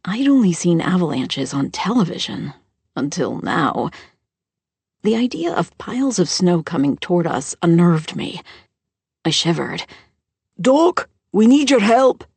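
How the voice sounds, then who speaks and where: Woman, audiobook narration, low voice, gravelly, dry close mic. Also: big pitch swings, unhurried, darkish tone, no echo. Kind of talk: first-person audiobook narration.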